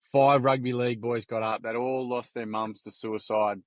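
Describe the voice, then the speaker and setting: An Australian man telling lively stories in a casual podcast chat, full of slang and acted-out quotes. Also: mid-range voice, normal speed, no echo, studio quality. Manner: animated yarn-telling, acts out quoted voices, slangy. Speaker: podcast guest.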